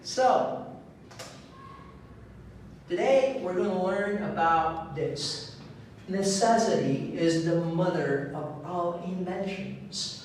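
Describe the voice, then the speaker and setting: A man teaching an online English lesson, speaking slowly and clearly and drilling the pronunciation of words one at a time. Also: high voice, very echoey, far from the mic, slight background noise, rough recording. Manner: slow and clear, drilling words with a repeated stress.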